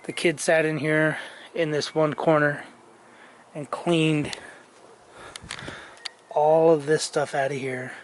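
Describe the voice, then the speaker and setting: A middle-aged man giving a rambling, casual walkthrough of his truck restoration inside the cab, his throat dry so he keeps clearing it, with many fillers and restarts. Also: fairly high pitch, flat delivery, slow pace, pauses often, slight background noise. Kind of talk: casual work-in-progress walkthrough.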